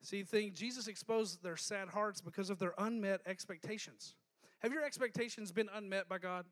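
A male pastor preaching a lively sermon, joking and calling on the congregation to respond. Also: high-pitched, moderate pace.

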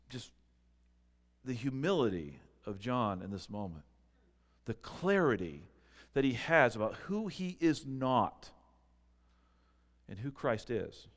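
A pastor delivering a sermon, swinging between loud, emphatic preaching and quiet, close asides. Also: male voice, mid-range voice, in a large hall.

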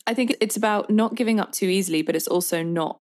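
A woman songwriter in her thirties talking in a podcast interview, telling stories with lively acted-out quotes. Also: medium pitch. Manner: animated storyteller, acts out quotes with quick bursts. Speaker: songwriter guest.

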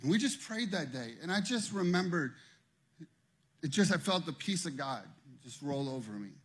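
A pastor preaching a sermon, telling a personal story in a conversational way and then building to loud, emphatic preaching. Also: male voice, a little high, big pitch swings, moderate pace, husky.

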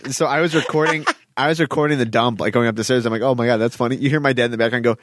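A man's voice: medium pitch, fairly even intonation, rapid-fire, no echo. A young man with a mid-range voice, ranting emphatically in a casual podcast chat. The recording is dry and close. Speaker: podcast guest.

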